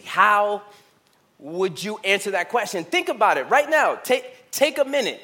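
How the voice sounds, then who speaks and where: Bright, high-voiced preacher man. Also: animated, a little slow. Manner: personal storytelling, rising to impassioned emphasis then dropping to hushed questions. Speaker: pastor. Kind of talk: sermon. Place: church.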